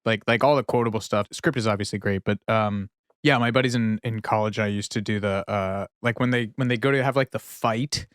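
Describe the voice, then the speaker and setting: A man co-hosting a podcast in casual chat, jokey and quick to laugh, fond of silly voices. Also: on the low side, smooth, dry recording, clean studio sound. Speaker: podcast co-host.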